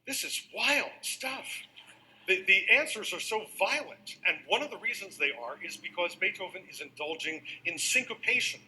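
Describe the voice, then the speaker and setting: A man lecturing on music to a live audience, with a high, piercingly bright voice. He talks with animated energy and gets the audience counting beats and chanting rhythms along with him. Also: brisk, few pauses, rough recording.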